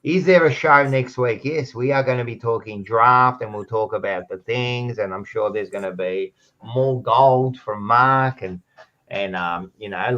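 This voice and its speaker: A man's voice: mid-range voice, fairly bright tone, muffled recording. A man co-hosting a football podcast, rambling, teasing and swearing freely in casual banter. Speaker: podcast co-host.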